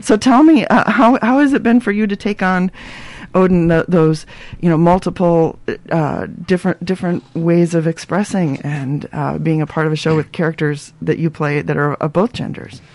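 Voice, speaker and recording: A woman hosting a radio arts interview, asking musing, halting questions. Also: fairly low pitch, steady tone, darkish tone, dry recording. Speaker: radio host.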